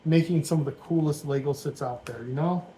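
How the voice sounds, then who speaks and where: A man's voice: on the high side, brisk, mellow, a little hiss or hum, poor audio. A man in his forties giving casual, rambling commentary while he builds a Lego set at home, thinking aloud as he goes. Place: dim room at home.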